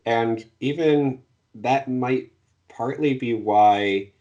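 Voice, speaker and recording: A man's voice: medium pitch, drawn-out words, darkish tone, highs cut off. A man co-hosting a podcast, chatting in an easygoing, teasing way. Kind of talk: casual chat.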